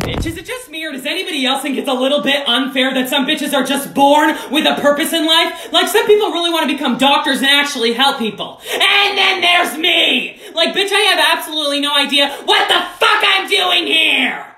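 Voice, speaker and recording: A young adult creator doing sassy, profane comedic rants to the camera with dramatic outbursts. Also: male voice, very high voice, a little fast, few pauses, sharp tone. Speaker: TikTok creator.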